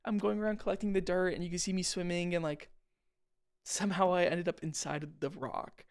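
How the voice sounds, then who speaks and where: A man's voice: high voice, brisk, smooth. A young man giving casual, rambling commentary over his own game footage, slangy and self-deprecating. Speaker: gaming channel host.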